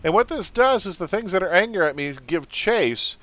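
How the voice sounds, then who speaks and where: A man plays a superhero game on stream, bantering casually and bluntly with his audience and teammates and laughing while he vents. His voice is high and slightly bright, with lively intonation at a moderate pace.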